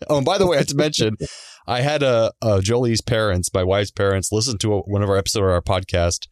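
A man's voice: on the low side, steady tone, fast, no room sound, clean studio sound. A man co-hosting a podcast in loose casual chat, laughing often as he talks. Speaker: podcast co-host.

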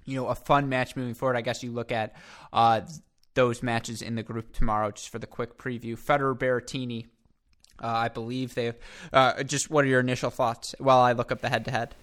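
A man's voice: mid-range voice, little pitch movement, brisk, fairly bright tone. A man hosting a tennis podcast, chatting casually and reeling off scores and head-to-head stats. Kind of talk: casual sports chat with stats.

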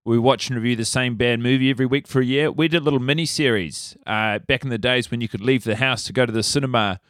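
A man with a New Zealand accent, a comedian guest in casual podcast chat, talking from home early in the morning with a deadpan, mock-serious delivery. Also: medium pitch, fast, no echo, clean studio sound.

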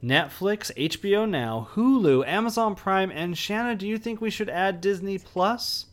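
A man's voice: high voice, lively intonation, normal speed, fairly bright tone. A man co-hosting a movie podcast, explaining at length with frequent restarts. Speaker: podcast co-host. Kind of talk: casual movie review chat.

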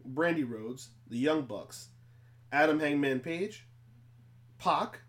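A man co-hosting a casual podcast, teasing his friends and jumping in to interrupt. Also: a little high. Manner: animated, teasing, quick to interrupt. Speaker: podcast co-host. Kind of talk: casual chat.

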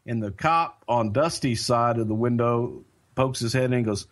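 A man telling a story in casual chat, animated and self-mocking, acting out other people's lines. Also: medium pitch, normal speed. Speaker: storyteller guest.

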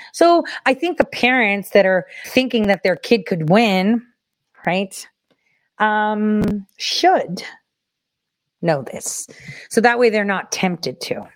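A woman's voice: fairly low pitch, no room sound, poor audio. Chatty woman hosting a livestream. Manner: chatty, addresses viewers directly. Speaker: host. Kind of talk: casual livestream commentary.

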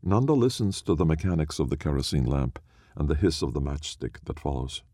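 A man narrating a story in a slow, measured, solemn reading. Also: rumbling low, big pitch swings, mellow, no room sound, studio quality.

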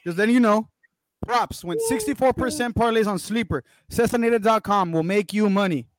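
High-voiced brash man in slangy banter. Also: very animated, brisk, no echo. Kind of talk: casual sports chat.

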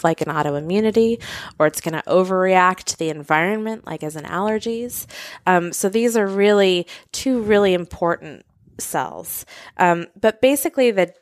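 A woman's voice: lowish voice, dry recording, studio quality. A woman co-hosting a health podcast, explaining thoughtfully with everyday analogies. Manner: thoughtful, uses everyday analogies, some restarts. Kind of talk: explanatory casual chat.

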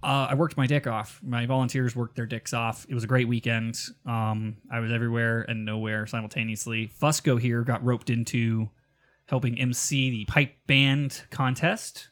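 A man's voice: medium pitch, little pitch movement, normal speed, a bit bright. Guy hosting a chatty podcast, swears a lot, laughs thru his stories. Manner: profane, laughing storyteller. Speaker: podcast host and festival board member. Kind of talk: casual chat.

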